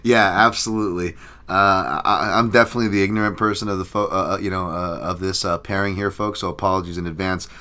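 A man hosts a loose sports chat, his voice low-set yet bright and forward. He rambles through fillers and restarts, chatting in a self-deprecating way. The talk runs casual and unscripted. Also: fairly even intonation, quick pace. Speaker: podcast host.

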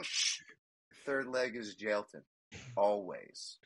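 A man's voice: medium pitch, fairly quick, fairly bright tone. A man hosting a podcast, chatting casually and rambling with jokes and frequent laughter. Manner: rambling, jokey, laughs often. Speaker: podcast host. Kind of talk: casual sports betting chat.

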